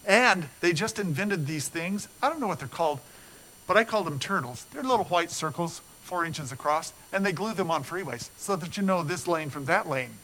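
An older man preaching an earnest, storytelling sermon as a pastor, building up animated and then dropping low and soft. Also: moderate pace, slight background noise, poor audio.

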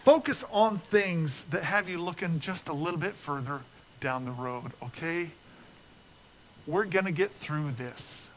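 An older man preaching an earnest, storytelling sermon as a pastor, building up animated and then dropping low and soft. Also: unhurried, a little hiss or hum, low-quality recording.

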